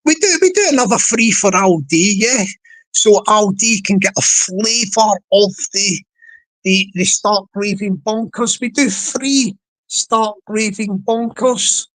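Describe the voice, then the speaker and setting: Guy on a live stream, slow drawn-out talk, chanting a catchphrase and getting the chat to join in. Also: high-pitched, fairly bright tone, low-quality recording. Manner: repetitive, playful, drawn-out delivery.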